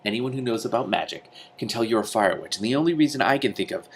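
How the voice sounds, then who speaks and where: A man's voice: medium pitch, expressive, fast, a little hiss or hum, pitched above the performer's own voice, natural voice. A man reading aloud, voicing a polite, amused, verbose male magician. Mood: courteous.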